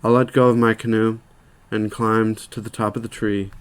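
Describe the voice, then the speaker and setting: A man narrating a short story aloud in a measured, plain storytelling manner. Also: lowish voice, flat delivery, smooth.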